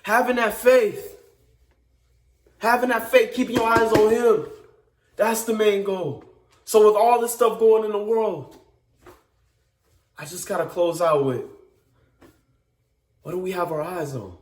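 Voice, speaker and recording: A man with a notably high-pitched voice gives an informal devotional sermon. He speaks earnestly and emphatically, circling back over phrases and restarting them. The recording sounds echoey, as in a bare room. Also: steady tone, unhurried, pauses often. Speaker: speaker giving a devotional message. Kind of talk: informal preaching.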